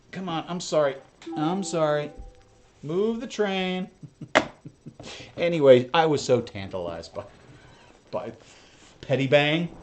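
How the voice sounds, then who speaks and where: A man's voice: mid-range voice, a little mellow, roomy sound. A man with a mid-range voice hosts a casual reaction commentary. He talks bluntly and swears freely, tossing off chatty asides. A faint hiss sits under the recording. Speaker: reaction video host.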